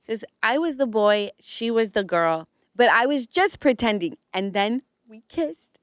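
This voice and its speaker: A woman hosting a podcast, telling a story in casual chat and acting out quotes in a higher voice. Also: animated, unhurried, clean tone, dry recording, clean studio sound. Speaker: podcast host.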